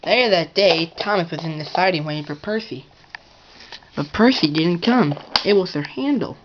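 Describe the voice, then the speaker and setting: A woman's voice: on the low side, normal speed, dull audio, noisy background. A woman narrating a playful toy-train story, with casual asides and self-corrections.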